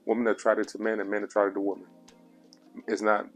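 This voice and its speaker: A man with a low, gravelly voice lectures the camera in a casual advice vlog. He is preachy and repeats himself, and his blunt talk is full of coarse words. His tone is husky, with faint music underneath. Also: flat delivery, fast. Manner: preachy and repetitive, coarse language. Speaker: relationship advice vlogger.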